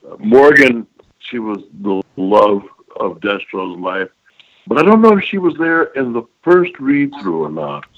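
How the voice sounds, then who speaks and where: A man's voice: medium pitch, very animated, measured pace. An older man, a voice actor guest, telling rambling, emphatic stories in an interview and often checking in with his listener. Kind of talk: reminiscing interview talk. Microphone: phone call. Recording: phone line, lo-fi.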